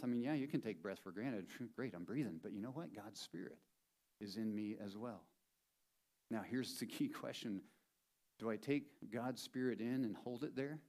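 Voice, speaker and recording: A man's voice: medium pitch, darkish tone. A man preaching a sermon as a pastor in a church, conversational and playful, driving points home by repeating them. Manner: conversational and playful, with emphatic repetition.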